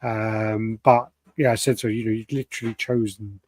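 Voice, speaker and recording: A man's voice: lowish voice, level tone, normal speed, a little mellow, dry recording. A man co-hosting a podcast, chatting casually and recounting events with quoted lines. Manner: storytelling, acts out quoted lines. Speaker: podcast co-host. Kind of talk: casual chat.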